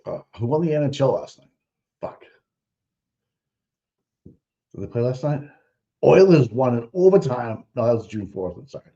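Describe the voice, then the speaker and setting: Male livestream host, rambling and crude, mellow voice, dull lo-fi sound. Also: medium pitch, big pitch swings, normal speed, pauses often. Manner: blunt, rambling, swears often. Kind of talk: casual profane livestream commentary. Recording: dull lo-fi audio.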